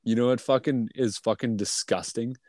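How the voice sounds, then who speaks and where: A man's voice: medium pitch, steady tone, moderate pace, darkish tone, dry recording. A man on a podcast talking casually, blunt and heavy on swearing, who says he isn't feeling well. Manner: blunt, profane, venting. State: feeling unwell. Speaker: podcast co-host.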